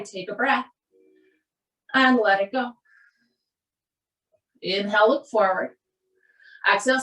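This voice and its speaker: A woman with a Minnesota accent leads a yoga class in calm, steady cues timed to the breath. Her voice sits a little high and comes from some way off the mic in a roomy, echoey space. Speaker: yoga instructor. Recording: roomy echo, voice from a distance.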